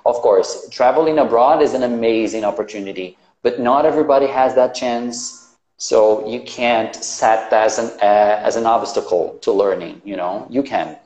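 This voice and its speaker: An animated, chatty male English teacher speaks at a middle pitch in a casual interview. His voice carries a roomy echo, as if recorded in a bare room, and he keeps dropping in "you know" as he talks. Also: moderate pace.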